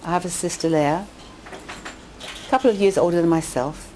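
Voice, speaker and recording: At a normal speed, a woman from England entertains and inspires a women's audience with stories and jokes in a community hall full of listeners. She tells them with liveliness, rising in pitch whenever she hits a quote or punchline, and there's slight background noise.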